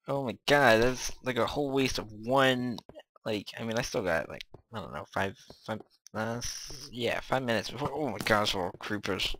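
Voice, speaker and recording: A man giving excitable live commentary over his own gameplay, chatting to himself and yelping when startled. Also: medium pitch, normal speed, a little hiss or hum. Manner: chatty running self-talk. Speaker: video game let's-player.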